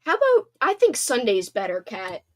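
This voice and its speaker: A woman's voice: fairly high pitch, huge pitch swings, moderate pace. A woman in her thirties hosting a casual livestream, chatting in a bubbly, talkative way with lots of fillers. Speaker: livestream host reading chat. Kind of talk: casual chat.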